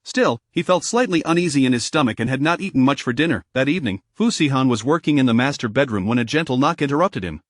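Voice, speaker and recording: A man giving scripted audiobook narration of a romance story in an even, steady reading. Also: mid-range voice, fast talker, hardly any pauses, no echo, studio quality.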